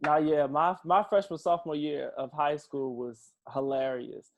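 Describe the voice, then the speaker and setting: Eager, high-voiced young co-host. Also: male voice, fairly even intonation, normal speed, creaky, highs cut off. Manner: eager, profane. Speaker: podcast co-host. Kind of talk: casual chat.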